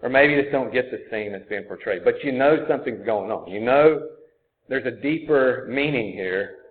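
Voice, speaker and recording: A man's voice: medium pitch, moderate pace. A man preaching a sermon, earnest and conversational, often thinking aloud as he goes. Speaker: pastor. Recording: tinny phone-like sound.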